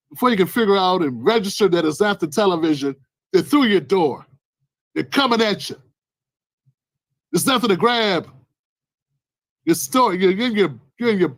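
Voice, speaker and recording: A man delivering an animated commentary rant, acting out scenes as he goes and bursting into loud exclamations. His voice is high for a man and sounds close and dry, with no room echo. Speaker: political commentary vlogger. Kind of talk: ranting commentary vlog.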